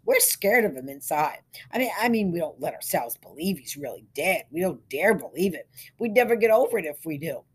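A woman's voice: fairly low pitch, animated, brisk, slightly rough. A woman reading aloud, voicing an earnest, uneasy young man in a barber shop.

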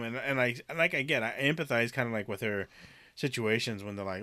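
Laid-back man with a bright voice. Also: mid-range voice, steady tone, a little fast, no room sound. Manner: laid-back, hedging, says kinda and like a lot. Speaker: podcast co-host. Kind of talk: casual movie review chat.

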